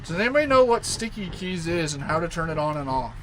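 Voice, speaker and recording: Rambly streamer guy, kinda high voice, coos at his dog, faint hiss behind. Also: very animated, quick pace, a bit bright, poor audio. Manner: rambling, talks baby talk to his dog. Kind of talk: casual live stream chat.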